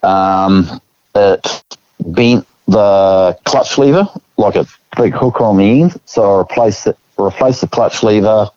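A laid-back Australian man tells a story at an easy pace and acts out the people in it with a chuckle here and there. His voice sits low and mellow. The recording is dry and a bit muffled. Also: takes it slowly, no room sound. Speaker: guest. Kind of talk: casual storytelling.

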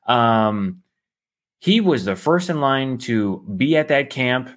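A man's voice: mid-range voice, expressive, slow, a bit bright. A man co-hosting a podcast, talking politics in a blunt, sarcastic, casual way. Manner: blunt, sarcastic, agreeing often. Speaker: podcast co-host.

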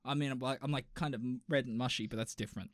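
A man's voice: medium pitch, steady tone, racing, no room sound, studio quality. A young man co-hosting a podcast in casual, joking, rambling chat. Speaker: podcast co-host.

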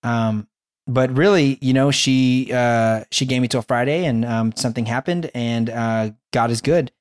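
A young man telling a personal faith story in casual chat, animated and rambling with many restarts. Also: mid-range voice, unhurried.

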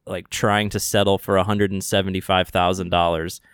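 Co-hosting a podcast, a man discusses a show in a casual chat, rambling, hedging and rephrasing as he goes. He has a low, smooth, fairly bright voice with a level tone and moderate pace, recorded dry at studio quality.

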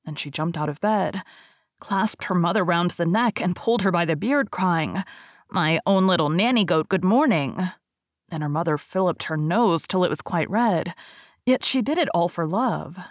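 A woman podcast host reading a fairy tale aloud in a calm, even narration. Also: fairly low pitch, normal speed, no room sound, studio quality. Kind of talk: storybook reading.

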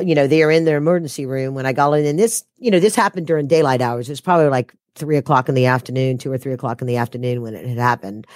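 A woman's voice: a bass voice, darkish tone, dry recording, studio quality. A woman telling a personal story as an interview guest, her voice rising when she quotes herself.

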